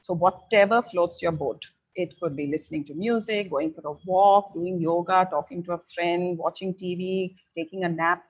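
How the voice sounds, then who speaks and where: A middle-aged woman giving parents measured advice, pausing often on fillers as she explains. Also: fairly low pitch, fairly even intonation, lo-fi sound. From India. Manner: measured and advisory, with frequent filler pauses. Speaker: parenting educator.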